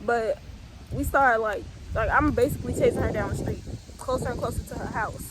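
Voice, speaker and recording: A woman's voice: on the high side, brisk, background noise. A young woman from the US Midwest telling a storytime in a blunt, profane, laid-back way with lots of fillers. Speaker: vlogger. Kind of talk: casual storytime.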